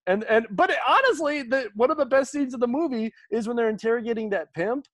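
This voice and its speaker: This is a man co-hosting a film podcast. His pitch swings widely and he talks fast, jumping into quick impressions of movie characters. The sound is dry and close, with no room in it. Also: dry recording. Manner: animated, fast, acts out movie lines in excited voices. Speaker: podcast co-host. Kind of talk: casual chat.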